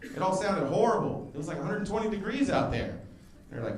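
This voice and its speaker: High-voiced male stand-up comic in a roomy club. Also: big pitch swings, brisk. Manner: storytelling, acting out other people with loud exclamations. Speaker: stand-up comedian. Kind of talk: stand-up comedy set. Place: comedy club stage before a laughing crowd. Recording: roomy club sound with audience noise.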